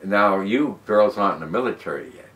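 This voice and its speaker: A man's voice: fairly quick, reverberant. A man in his nineties, a war veteran telling his story in an oral history interview with emphatic rises and drops. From United States. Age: 90s. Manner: animated, emphatic storyteller who rises and drops in pitch and loudness. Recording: voice from a distance off the mic.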